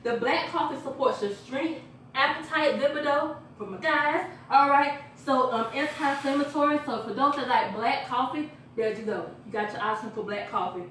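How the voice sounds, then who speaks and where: A woman giving an energetic, chatty sales pitch to a small live group, laughing and quizzing her listeners. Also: normal speed, a little hiss or hum. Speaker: product presenter. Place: echoey room with a small live audience. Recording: echoey room from far off.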